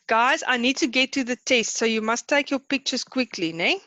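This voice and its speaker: Brisk South African woman teacher. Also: fairly high pitch, animated, sharp tone, no room sound. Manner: brisk, chatty, counting aloud to hurry students. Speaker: Afrikaans teacher. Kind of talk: online class lesson.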